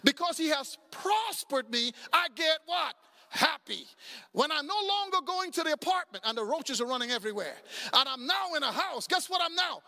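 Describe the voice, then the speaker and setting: Bright, high-pitched preaching pastor. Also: male voice, normal speed, gravelly. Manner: animated storytelling preacher, acts out dialogue, sudden shouts. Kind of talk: sermon.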